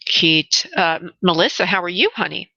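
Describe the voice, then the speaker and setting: A woman's voice: fairly low pitch, lively intonation, moderate pace, bright, forceful tone, no echo. A woman hosting a call-in radio show as a spirit medium, chatty and affectionate, calling callers honey and laughing readily. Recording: slightly dull radio audio.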